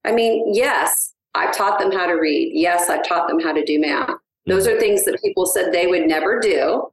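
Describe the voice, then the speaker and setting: A middle-aged woman, a guest on a podcast, telling family stories in an eager, animated way. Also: fairly low pitch, moderate pace. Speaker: guest, adoptive mother. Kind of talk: casual podcast interview. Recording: roomy echo.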